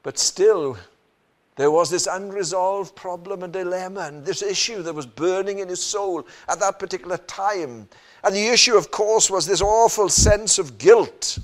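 A man with a high-pitched voice preaches earnestly at a measured pace, often asking listeners rhetorical questions and frequently saying "you know" and "isn't it."

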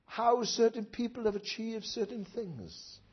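A man preaching a sermon who swings from hushed asides to loud impassioned outcries, with many rhetorical questions to his listeners. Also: very high-pitched, animated, a little slow, husky. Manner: tag questions and rhetorical questions to the congregation. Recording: dull lo-fi recording.

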